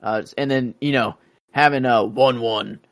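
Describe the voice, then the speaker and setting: A man's voice: mid-range voice, a little slow, creaky, no room sound. A man co-hosting a podcast in loose, rambling casual chat, with lots of fillers and swearing. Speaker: podcast co-host.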